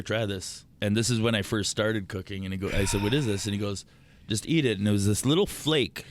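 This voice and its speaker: Guy guesting on a podcast, fairly low voice, swears freely, animated. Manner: profane, animated storyteller. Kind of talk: casual storytelling.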